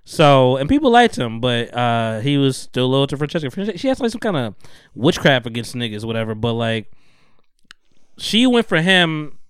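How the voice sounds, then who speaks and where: A man's voice: mid-range voice, moderate pace, clean tone, no room sound, studio quality. An American man hosting a podcast, telling a story in casual, profane chat and acting out what people said. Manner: profane, animated storytelling, acts out quotes. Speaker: podcast host.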